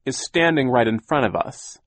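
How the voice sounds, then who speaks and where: A man's voice: mid-range voice, moderate pace, dry recording, pitched above the performer's own voice, lightly acted. A man playing an impatient, determined girl. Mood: emphatic. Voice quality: impatient, emphatic.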